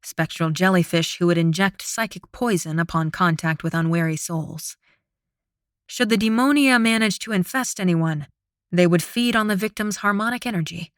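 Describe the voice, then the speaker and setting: Dry, steady woman audiobook narrator. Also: fairly low pitch, normal speed, no echo. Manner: steady, dramatic reading. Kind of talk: scripted narration.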